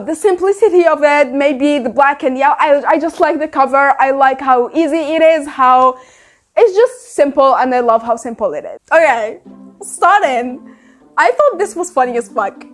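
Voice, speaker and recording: A woman talking casually to camera as a book vlogger, chatty and candid, swearing and laughing often. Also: sits high.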